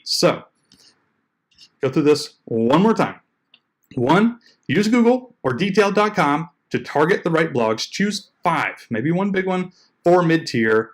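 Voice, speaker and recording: Man, blogging coach, slightly high voice, loose chatty delivery, acts out example emails. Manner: loose and conversational, full of likes and uhs, mimics the emails he quotes. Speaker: blogging coach and podcast host. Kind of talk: casual tutorial talk.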